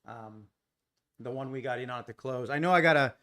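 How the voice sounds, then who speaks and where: A man's voice: mid-range voice, brisk. Casual male trading streamer. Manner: relaxed, conversational, answers chat by name. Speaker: day trading livestream host. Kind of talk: casual live-stream commentary. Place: home in Costa Rica. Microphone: desk mic without boom arm.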